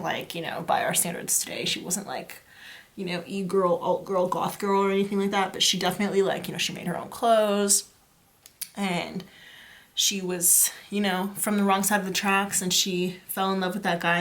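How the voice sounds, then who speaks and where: A woman's voice: medium pitch, a bit bright. A woman giving a casual pick-a-card tarot reading, talking to her viewers in a chatty, playful way and jumping from one loose association to the next. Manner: free-associating, chatty and playful, addresses viewers as "you guys". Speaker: tarot reader.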